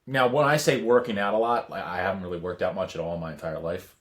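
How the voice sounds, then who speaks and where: Low-voiced man telling a rambling story. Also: a bit bright. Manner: rambling, halting storyteller with many restarts. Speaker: podcast co-host. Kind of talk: casual chat.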